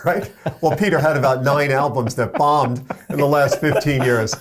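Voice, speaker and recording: A man, a radio program director and morning show co-host, tells an animated story and acts out the quoted voices. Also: medium pitch, moderate pace, hardly any pauses.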